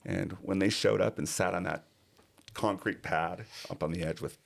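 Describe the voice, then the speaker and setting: A man's voice: low voice, moderate pace, creaky. A middle-aged man, a podcast guest, telling a personal story in earnest and acting out other people's lines.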